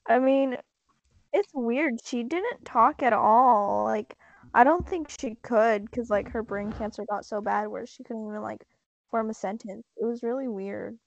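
A young woman with a fairly high voice talks in a loose, casual chat, full of "like" and swearing, breaking into laughs. The sound is dry and dull, like a lo-fi recording. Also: unhurried, creaky, no room sound. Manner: laughs often, swears, lots of fillers.

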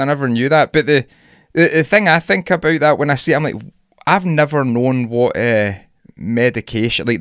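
A man's voice: mid-range voice, fairly bright tone, dry recording. Sweary scottish man, dry close mic. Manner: sweary, rambling, laughs often. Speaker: podcast co-host. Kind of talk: casual chat.

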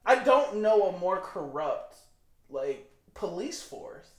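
A person from Michigan co-hosting a podcast, with a lively voice that swings up and down in pitch. They curse freely and argue their opinions with energy. The voice sits in an echoey room. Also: slow pace. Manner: profane, opinionated, animated. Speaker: podcast co-host. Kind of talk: casual chat.

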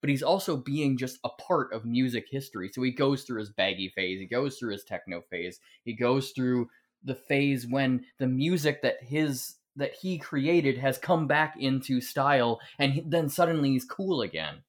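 A man on a casual podcast, telling stories in an animated way and acting out what others said. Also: mid-range voice, normal speed. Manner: animated storyteller, acts out quotes. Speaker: podcast guest.

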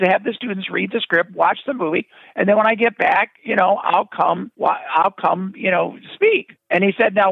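A man's voice: high voice, creaky, slightly rough, no echo. An older man, a film director, telling a story in an interview and acting out the other people's voices as he goes. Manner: animated, acts out voices in his anecdotes. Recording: tinny phone-like dry sound.

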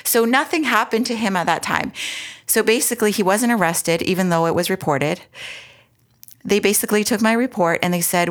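A woman's voice: medium pitch, brisk. A woman, earnestly telling her own story as an interview guest, with frequent restarts and asides. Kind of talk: personal storytelling in conversation.

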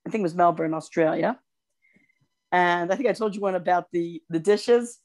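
Older woman co-host, low-pitched, casual storyteller. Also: normal speed. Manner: animated storyteller, gushing over cute animals. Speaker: podcast co-host.

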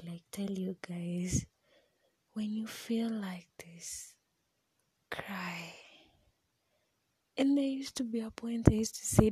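A woman's voice: medium pitch, dark tone, breathy edge, no room sound. A young woman with a Kenyan accent telling a personal story in a mostly whispered voice, mixing English with Swahili slang.

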